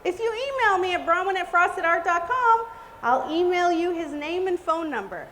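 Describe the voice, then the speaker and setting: A woman's voice: extremely high pitch, lively intonation, normal speed, bright, forceful tone. A woman giving a live cake decorating demonstration, chatty and exclamatory. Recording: reverberant hall with faint noise.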